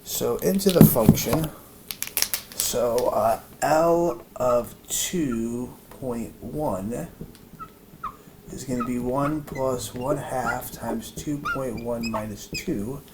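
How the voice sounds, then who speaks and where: This man teaching math informally drags out his words in a medium-pitched voice. He reasons aloud, full of fillers and restarts, and the room around him is noisy.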